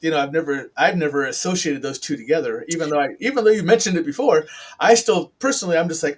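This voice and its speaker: A middle-aged man with a fairly high voice talks casually, circling back and restarting as he tells a long personal story. He is frank and open, piling on side remarks before getting to the point. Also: quick pace. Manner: rambling, upfront storytelling with many restarts. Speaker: podcast host. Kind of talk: casual chat.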